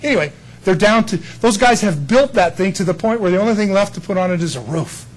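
A man's voice: high-pitched, expressive, fast, poor audio. A male pastor giving a conversational sermon, acting out quotes of the people he talks about. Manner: conversational preaching with acted-out quotes.

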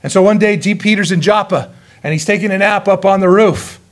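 A male pastor preaching a sermon in a folksy, joking way, telling stories lively and chuckling often. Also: high voice, a little fast. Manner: lively storytelling.

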